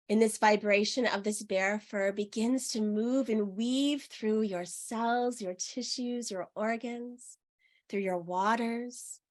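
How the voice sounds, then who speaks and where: Soft-spoken woman guiding a meditation. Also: fairly high pitch. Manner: slow, soothing and soft-spoken. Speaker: meditation teacher. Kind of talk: guided meditation.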